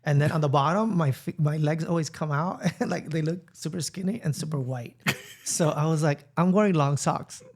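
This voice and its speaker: A playful man co-hosting a podcast, with a voice a little higher than most men's. He teases his partner and laughs easily. The chat stays loose and casual. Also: a little fast. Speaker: podcast co-host.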